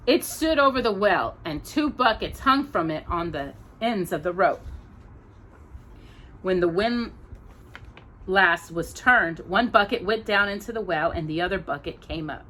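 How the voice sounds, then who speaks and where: A woman hosting a storytime, reading a children's novel aloud in a gentle, expressive way. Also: lowish voice. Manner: gentle and expressive, pausing for coughs. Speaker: storytime host.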